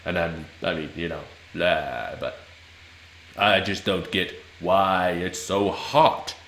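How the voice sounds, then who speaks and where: A man doing a low, whiny demon. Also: fairly even intonation, takes it slowly, a bit bright, echoey room, a little hiss or hum, heavily acted. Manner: whiny, drawling complaints. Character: grumpy male demon living in hellfire.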